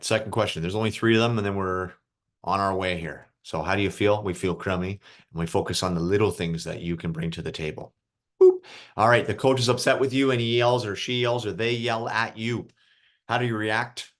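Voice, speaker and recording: A man coaching a group of young hockey players over a video call, casual and encouraging, asking them questions. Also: lowish voice. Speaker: youth hockey mental coach. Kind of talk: online group coaching session.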